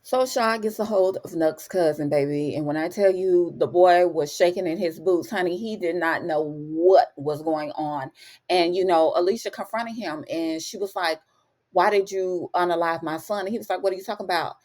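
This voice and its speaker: A woman's voice: fairly low pitch, moderate pace, a little mellow. A woman recapping a TV drama episode in a chatty, casual way, calling the listener honey and baby. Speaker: TV recap host.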